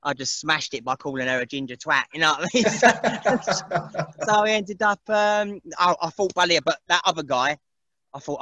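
A man's voice: fairly high pitch, expressive, normal speed, bright, forceful tone, dry recording, dull audio. A man, chatting casually as an interview guest, rambling and laughing often and mimicking other people's voices. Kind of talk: casual chat.

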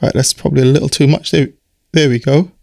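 Man, croaky voice, relaxed step-by-step software tutor, dry close mic. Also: mid-range voice, quick pace, no room sound. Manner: explanatory, step-by-step, relaxed with fillers. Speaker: music production tutor. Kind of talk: screen-recorded software tutorial. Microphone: studio mic through audio interface.

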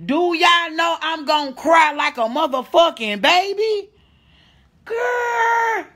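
A woman's voice: sits high, measured pace, fairly bright tone. A woman from the American Midwest hosting a casual, profane livestream from home, reading and answering viewer comments. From St. Louis, USA. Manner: brash, profane, reads viewer comments aloud. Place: at home, indoors.

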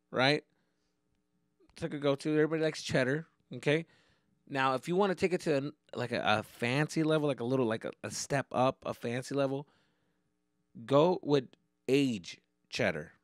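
A man's voice: medium pitch, normal speed, no room sound, clean studio sound. A man hosting a comedy podcast, talking casually and profanely, dropping Spanish slang into his English. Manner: animated storytelling, acts out exchanges.

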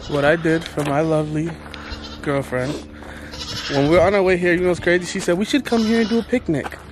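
A woman's voice: fairly low pitch, fairly even intonation, brisk. A woman chatting casually and teasingly while vlogging outdoors on a farm. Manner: teasing, playful. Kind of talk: casual vlog chat. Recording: noisy outdoor recording.

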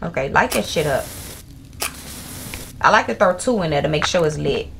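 A woman streaming a horror game, reacting loudly with constant swearing. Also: low-pitched, lively intonation, normal speed, gravelly, noisy background. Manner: loud, profane, swearing reactions. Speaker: gaming streamer. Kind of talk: horror gameplay commentary.

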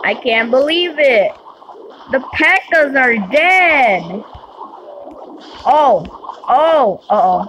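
A woman hosting a gaming channel, giving live gameplay commentary with excitable outbursts and rambling, unsure asides. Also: sits high, drawn-out words, long pauses, slight background noise. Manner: excitable, frequent outbursts and shouting.

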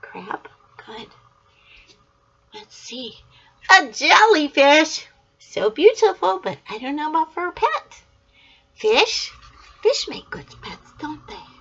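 An older woman reading a picture book aloud to young children in a gentle, sing-song way, asking questions and praising answers. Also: high voice, sing-song, slow pace, long pauses, lo-fi sound.

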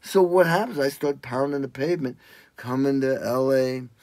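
An older man, a drummer, telling animated stories in a casual interview and acting out what people said. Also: normal speed, no room sound. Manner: animated, acts out quotes in loud high voices.

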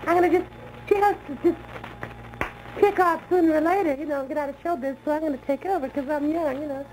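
A man's voice: very high voice, fast, a little hiss or hum, low-quality recording. A man voicing a giddy young female weather balloon who dreams of show business, in a 1960s radio comedy bit. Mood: warbling.

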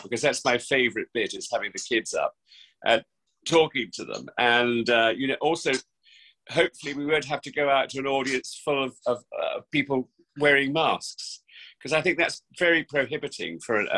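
Here the same kind of guest, an English West Country actor in his sixties, talks in a brisk, expressive mid-range voice with a bright, forceful tone. He is theatrical and effusive, frequently restarting his sentences in a remote interview done from home under lockdown. Recording quality is low.

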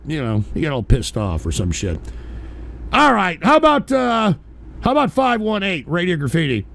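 A man's voice: a little high, vocal fry, a bit bright. A man hosting a call-in radio show, ranting brashly, swearing and repeating himself as he takes calls. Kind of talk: profane call-in radio rant.

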